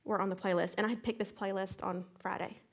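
A middle-aged woman teaching a Bible study, retelling a hectic day as an animated testimony with sound effects. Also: medium pitch, fast.

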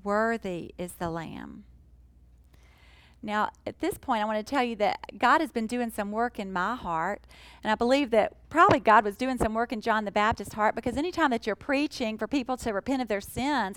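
Woman preacher, earnest and emphatic, slightly high voice, dry close sound. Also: a bit bright, no echo, low-quality recording. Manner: earnest, emphatic, slows for key phrases. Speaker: Bible teacher. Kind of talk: sermon.

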